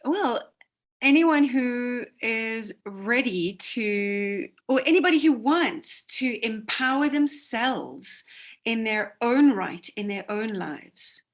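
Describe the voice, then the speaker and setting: A woman with a slightly high voice speaking slowly on a video call. She pauses and restarts as she reflects on her past and explains her ideas. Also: lively intonation. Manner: slow, searching for words. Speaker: course teacher. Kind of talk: casual conversation.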